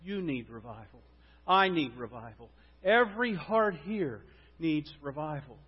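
A man preaching a sermon and leading prayer in a church, swinging from loud declarations to hushed, quiet prayer. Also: fairly high pitch, lively intonation, a little slow, husky. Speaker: pastor. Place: church sanctuary. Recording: dull lo-fi sound with long hall reverb.

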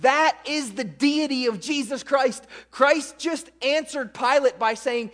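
Male pastor, very high voice, slow emphatic sermon delivery, echoing in a reverberant hall. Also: a bit bright. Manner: fired-up, emphatic preaching with repeated phrases.

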